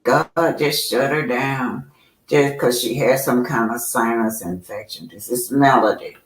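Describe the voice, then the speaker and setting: Slow-talking host in an echoey room. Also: mid-range voice. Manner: chatty, apologetic, addresses viewers as y'all. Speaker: commentary livestream host. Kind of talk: casual commentary chat.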